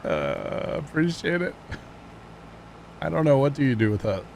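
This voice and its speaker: A man livestreaming a farming game, chatting casually with viewers and teammates, thanking them between quick exclamations. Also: a little high, very animated, vocal fry, a little mellow, a little hiss or hum. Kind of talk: casual gaming livestream chat.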